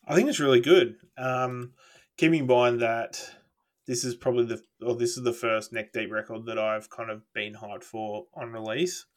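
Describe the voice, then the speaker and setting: A man's voice: medium pitch, fairly even intonation, normal speed. Easygoing man chatting casually. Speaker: podcast co-host. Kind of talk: casual chat.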